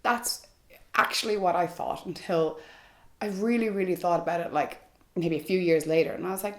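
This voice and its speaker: Low-voiced woman telling a personal story. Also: normal speed. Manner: candid, frank, with frequent fillers like "like" and "you know". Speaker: vlogger. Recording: echoey room.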